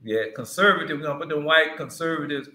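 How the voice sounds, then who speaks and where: A man's voice: on the high side, fast talker, bright, forceful tone. A man voicing a boastful, money-proud male preacher with a mocking tone. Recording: roomy echo.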